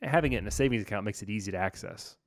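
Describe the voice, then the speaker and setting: A man with a fairly low voice hosts a relaxed podcast chat about money. He talks with easygoing energy and drops casual slang as he explains. His voice sounds dry and close, with no room echo. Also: rapid-fire. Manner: laid-back, energetic, slangy, says "man" and "dude". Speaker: podcast host, financial planner.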